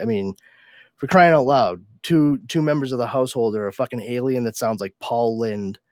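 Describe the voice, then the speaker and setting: A man's voice: lowish voice, darkish tone, no room sound. Dry-sounding profane podcast guy. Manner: rambling, profane, laughs often. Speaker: podcast host. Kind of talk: casual chat.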